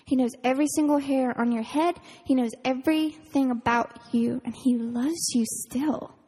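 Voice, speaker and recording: High-voiced woman giving a chatty sermon. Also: steady tone, moderate pace, warm tone, husky. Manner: chatty, earnest, laughs often, fillers like "like". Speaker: camp counselor giving a devotional. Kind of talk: casual youth sermon. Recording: reverberant hall.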